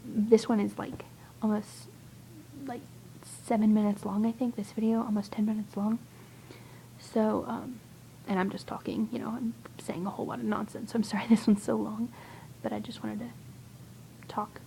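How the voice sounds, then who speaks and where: A young woman vlogging to a friend, talking mostly in a hushed whisper and rambling with hesitant fillers. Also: medium pitch, level tone, moderate pace, vocal fry, slight background noise, rough recording. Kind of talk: casual whispered video chat to a friend.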